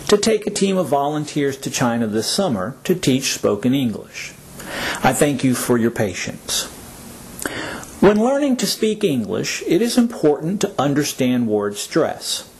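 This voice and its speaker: Slow, lively-voiced teacher. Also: male voice, a little high, slight background noise. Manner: measured, repeats words for learners to echo. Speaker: English pronunciation teacher. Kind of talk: slow scripted lesson narration.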